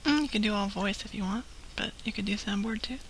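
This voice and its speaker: A woman's voice: medium pitch, fast talker, a little hiss or hum. A woman co-hosting a live show, chatting casually in a giggly, easygoing way. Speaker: co-host. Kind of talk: casual chat.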